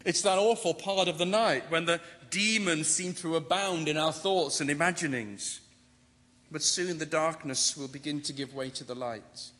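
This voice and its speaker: A man delivers a sermon with dramatic build, his slightly high voice bright and forceful. Each emphatic line rings out with long reverb, as in a large church hall. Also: moderate pace. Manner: dramatic, rising to emphatic declarations. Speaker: preacher.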